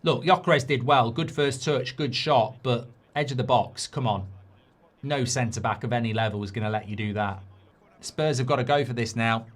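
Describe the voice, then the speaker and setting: A middle-aged man hosting a live football watchalong, reacting to the match. He swings between muttered analysis and loud outbursts. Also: medium pitch, normal speed. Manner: excitable, swings from muttering to shouting.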